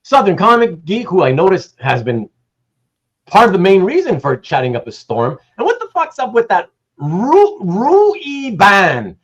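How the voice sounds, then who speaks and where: A man's voice: high voice, huge pitch swings, moderate pace, dull audio. A man hosting a casual livestream, rambling and greeting chat viewers by name, with some casual swearing. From Canada. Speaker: livestream host.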